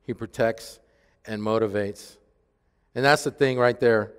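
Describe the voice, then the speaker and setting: A male pastor preaching a sermon earnestly and emphatically, often dropping to a hushed tone. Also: lowish voice, fairly even intonation, a little slow, smooth, long reverb tail. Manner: earnest, emphatic preaching with dramatic dips to a hush. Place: church.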